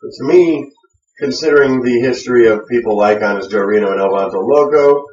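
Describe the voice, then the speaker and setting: A man's voice: medium pitch, brisk, a little mellow. Guy cohosting a wrestling web show, chill rambly chat, kinda far from the mic, dull lo-fi sound. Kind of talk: casual chat with hesitant fillers. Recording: echoey room, distant lo-fi mic.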